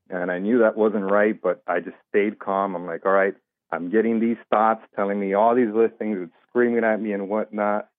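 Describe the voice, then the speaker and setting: Low-voiced man telling a story over a tinny line. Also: no room sound. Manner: animated retelling, acts out quoted voices. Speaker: interview guest. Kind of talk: casual storytelling. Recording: dry tinny phone-like line.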